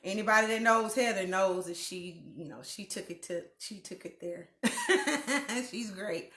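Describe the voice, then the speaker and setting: Woman live-stream host, slow, chatty, bright voice, echoey living room. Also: medium pitch, lively intonation. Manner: chatty, greets viewers by name, slow and drawn out. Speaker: host of a weekly live video chat. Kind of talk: casual live-stream chat.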